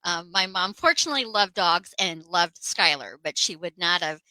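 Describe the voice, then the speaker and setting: Brief: woman talk-show host, lowish voice, bright tone, dry sound. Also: animated, normal speed, no room sound, poor audio. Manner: rambling storyteller with many fillers. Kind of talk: casual chat.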